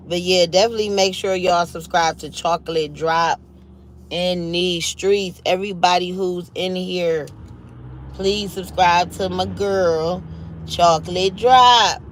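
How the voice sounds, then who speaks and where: A woman's voice: on the low side, fairly even intonation, slow, pauses often, slight background noise, poor audio. A woman from Cleveland hosting a casual livestream, chatty and upbeat, urging viewers to subscribe to friends' channels. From Cleveland, Ohio, US Midwest. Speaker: livestream host. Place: at home.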